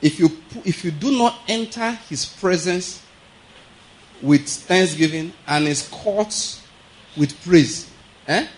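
A man's voice: high voice, slow pace, rough recording. A man preaching a sermon in a conversational teaching manner, often checking that the listeners follow and chuckling as he goes.

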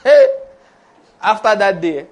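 A man's voice: high-pitched, very animated, takes it slowly. A man preaching a sermon, laughing often and acting out the voices of the people he quotes.

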